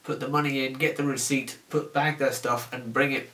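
A man's voice: mid-range voice, flat delivery, normal speed, bright, forceful tone, recorded from a distance. A young man from the UK delivering a casual, sarcastic comedic rant to camera about his work as a shop cashier. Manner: sarcastic, exasperated, acts out customer exchanges. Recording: roomy echo, voice off-mic.

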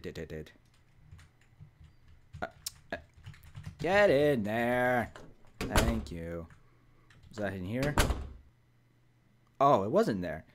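A man's voice: lowish voice, a little hiss or hum. A man hosting a let's play, joking around and reading the on-screen text aloud. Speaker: gaming video host.

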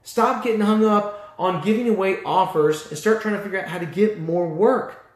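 A man's voice: high voice, reverberant. Fired-up blunt man coaching shop owners. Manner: blunt, passionate, mildly profane. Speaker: auto repair business coach. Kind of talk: fired-up motivational talk.

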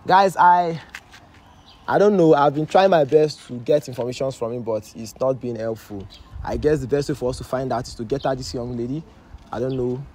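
A man's voice: medium pitch, fairly even intonation, moderate pace, a little mellow. A man with a Nigerian accent hosting a staged deliverance video, earnestly speaking to camera and mediating. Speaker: pastor, host.

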